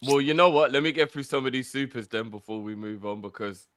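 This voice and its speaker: An easygoing man with a bright, forward voice, hosting a live stream and reading out viewer messages. The sound is dry and close to the mic. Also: mid-range voice, brisk, no room sound. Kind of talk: casual live-stream chat.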